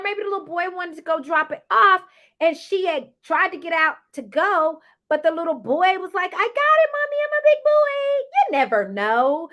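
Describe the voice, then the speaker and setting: A woman casually recapping a reality TV episode, chatty and sassy, often acting out what people said. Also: very high voice. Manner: animated, acts out cast members' lines.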